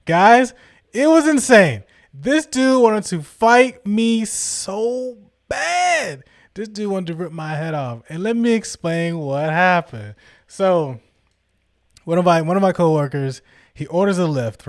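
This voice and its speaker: Animated young man telling a story. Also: fairly high pitch, moderate pace, dry recording, clean studio sound. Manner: animated, acts out quoted people, slangy. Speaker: podcast host. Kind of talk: casual storytelling.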